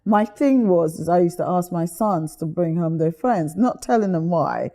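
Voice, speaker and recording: A woman from the UK, an interview guest telling lively stories in a chatty, animated way. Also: lowish voice, moderate pace. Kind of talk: animated storytelling.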